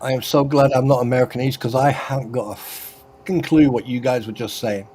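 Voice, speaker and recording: A man's voice: medium pitch, fairly even intonation, fairly quick. A man bantering on a livestream call, joking and swearing freely. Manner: joking, swears freely, bursts into loud laughs. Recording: noisy livestream call audio.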